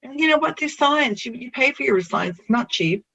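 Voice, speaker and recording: A realtor telling a personal story in an animated way, the pitch jumping up for emphasis. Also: moderate pace, vocal fry, husky. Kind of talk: personal anecdote. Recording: dull lo-fi recording.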